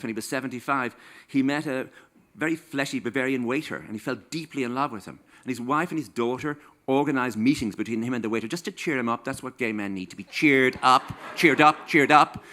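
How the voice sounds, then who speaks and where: A man's voice: mid-range voice, quick pace, fairly bright tone. A man in his sixties with an Irish accent, an author telling comic stories to a live audience in a wry, playful way. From Ireland. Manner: wry, playful, acts out quoted voices. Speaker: author giving a stage talk. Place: stage in a small venue.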